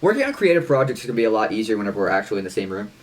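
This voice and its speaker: Fast-talking loud young man. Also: on the low side, very animated. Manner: loud, profane and boastful. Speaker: podcast co-host. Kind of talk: casual chat.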